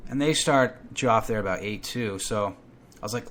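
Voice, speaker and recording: A man telling a comic story about himself at a steady mid pitch. He rants with a lot of profanity and swings into his own quoted outbursts. The delivery is animated and loose, like an off-the-cuff podcast monologue. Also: normal speed. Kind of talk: comedic first-person rant.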